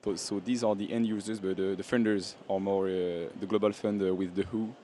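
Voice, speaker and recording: A man answering a panel question on an outdoor stage, halting and repeating words. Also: deep voice, steady tone, dark tone, slight background noise. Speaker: startup founder pitching.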